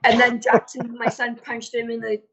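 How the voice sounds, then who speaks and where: Speaking as a podcast guest in a casual interview chat, a woman tells stories in a chatty style full of "like" and restarts. Her voice is a little high, a bit bright and husky, with a moderate pace and completely flat delivery. The lo-fi recording sounds dull.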